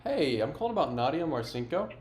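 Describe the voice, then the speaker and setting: A man's voice: fairly high pitch, very animated, fast, darkish tone, a little hiss or hum. Earnest, dogged male video narrator. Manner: earnest, dogged, a bit confrontational. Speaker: online investigator making phone calls. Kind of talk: vlog narration and phone calls.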